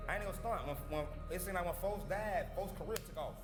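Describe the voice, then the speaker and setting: A man's voice: sits high, fairly quick, few pauses. Streetwise man, roomy room. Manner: animated, streetwise and profane. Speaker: interviewee. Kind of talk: candid storytelling interview. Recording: roomy documentary interview with music bed.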